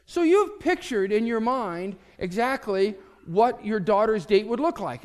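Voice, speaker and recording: A man preaching a sermon as pastor, telling a story and swinging from loud to hushed. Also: high voice, animated, normal speed, clean tone, big-room sound.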